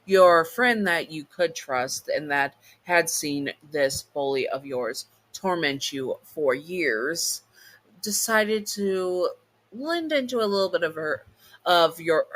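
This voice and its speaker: A man's voice: on the high side, a bit bright. A man casually narrating a second-person fan audio story, stopping to correct his own slips aloud.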